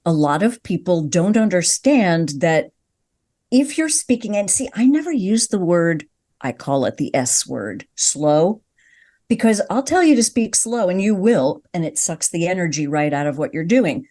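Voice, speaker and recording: Expressive older woman voice coach, mellow tone. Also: on the low side, unhurried. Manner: expressive, emphatic, teacherly. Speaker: broadcast voice coach and guest. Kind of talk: conversational podcast interview.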